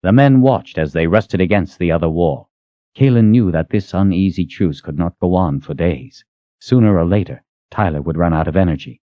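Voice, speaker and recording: A man narrating a fantasy audiobook in a steady, expressive read, on a dull lo-fi recording. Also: moderate pace, dry recording. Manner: steady, expressive reading with lively pitch.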